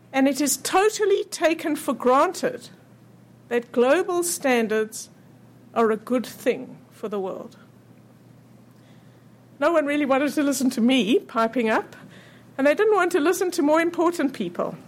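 High-pitched woman giving a talk. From South Africa. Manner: measured, persuasive storytelling. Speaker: speaker. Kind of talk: prepared public talk.

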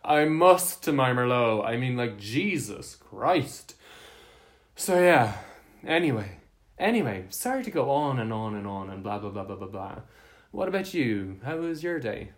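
A man's voice: medium pitch, measured pace. A man playing a frazzled, camp young man in an audio drama, venting dramatically about his day. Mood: wound up. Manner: animated, dramatic ranting with swearing.

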